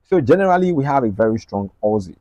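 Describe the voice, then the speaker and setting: Fast-talking man breaking down charts. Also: medium pitch, very animated, mellow, no room sound, lo-fi sound. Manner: rapid, repetitive, checks in with "right?" and "okay?". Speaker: trading analyst. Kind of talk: screen-share market analysis.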